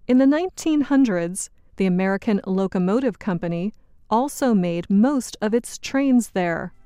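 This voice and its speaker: Female co-presenter, scripted educational read, crisp tone, dry booth sound. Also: medium pitch, expressive, warm tone, no room sound. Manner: clear, measured, teacherly delivery. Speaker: co-presenter of a language program.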